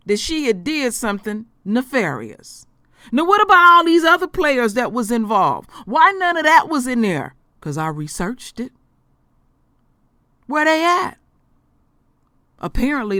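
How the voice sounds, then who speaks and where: Woman vlogger, emphatic and profane, lively pitch, dry. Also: no echo. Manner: blunt, emphatic, swearing. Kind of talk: emotional commentary.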